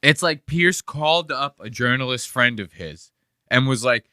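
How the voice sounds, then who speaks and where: A man's voice: medium pitch, lively intonation, moderate pace, bright, forceful tone, dry recording, studio quality. A man hosting a podcast in casual, rambling chat, swearing often and reacting to clips. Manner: profane, rambling, laughing asides. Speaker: podcast host.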